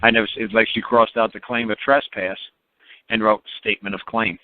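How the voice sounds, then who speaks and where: A man's voice: on the low side, level tone, brisk, a little hiss or hum. A man rambling through a story on a phone call, repeating words and acting out quotes. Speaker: speaker on a call-in teaching line. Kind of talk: rambling casual phone talk. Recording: tinny phone line.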